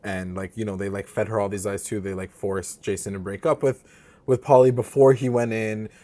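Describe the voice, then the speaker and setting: A woman with a very deep voice speaks briskly as a podcast co-host, recapping a TV episode in casual chat. She's animated, acting out the characters' lines complete with swearing.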